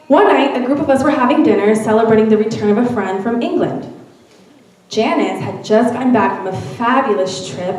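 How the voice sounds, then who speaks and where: A fairly high-voiced woman reads a story aloud with expressive storytelling. She is heard from a distance in a very echoey church hall. She reads to a gathering. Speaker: reader at a church Mother's Day event. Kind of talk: reading a narrative aloud. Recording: very echoey room, from far off.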